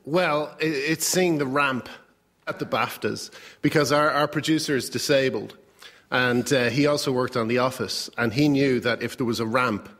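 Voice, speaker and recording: A man's voice: medium pitch, normal speed, fairly bright tone. A man as a guest on a radio comedy panel show, telling anecdotes in a dry, hesitant way.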